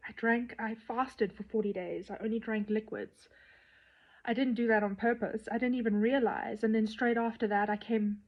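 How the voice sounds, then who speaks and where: A woman speaks to camera in a personal vlog, candid and earnest with a playful edge. Her voice sits at a middling pitch and now and then falls to a soft near-whisper. The recording sounds slightly dull and lo-fi. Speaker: tantric nun sharing her journey.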